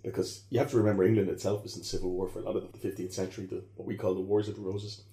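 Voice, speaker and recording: A man's voice: sits low, flat delivery, very fast, warm tone, echoey room. A man explaining history in conversation, rambling and correcting himself as he goes. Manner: rambling, self-correcting, digressive. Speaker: historian guest.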